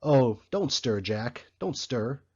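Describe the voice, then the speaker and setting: A man voicing a bustling, grumbling male election canvasser in a storybook reading, with a husky, slightly muffled sound. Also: medium pitch, lively intonation, warm tone. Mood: brisk. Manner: brisk, grumbling, complaining.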